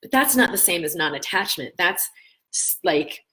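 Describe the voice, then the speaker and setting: A woman in her thirties with a slightly low voice hosts a spiritual wellness show. She coaches viewers in an earnest, encouraging way. When she tells a story, she acts out the voices of the people in it. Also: animated, normal speed, bright, forceful tone, rough recording.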